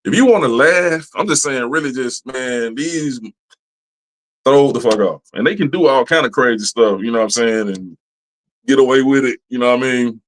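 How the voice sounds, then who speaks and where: A man's voice: mid-range voice, normal speed, rough recording. Rambling, profane male podcast host. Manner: profane, rambling, animated storytelling with mimicked voices. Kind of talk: casual monologue.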